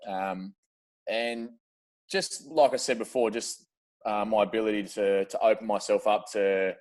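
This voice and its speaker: Australian man, low-pitched, laid-back, slangy, casual podcast chat. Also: steady tone, unhurried, darkish tone. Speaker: podcast guest.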